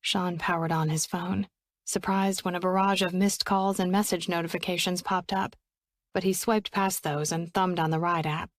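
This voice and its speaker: A woman narrating a romance audiobook in a steady, even storytelling voice on a close studio mic. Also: on the low side, normal speed, no echo.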